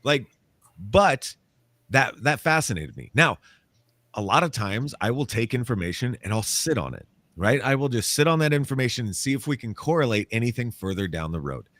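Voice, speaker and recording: A man, a paranormal author and interview guest, telling a story in a casual, animated way and acting out the quotes. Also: medium pitch, fairly quick, no room sound. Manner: animated, acts out quotes, laughs often.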